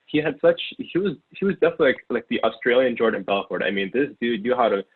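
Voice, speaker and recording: A man's voice: mid-range voice, animated, fast talker, slightly rough. A man in his twenties, from Ukraine, talking casually as an interview guest and rambling with lots of fillers and restarts. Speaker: guest, former sales intern. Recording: tinny phone-like line.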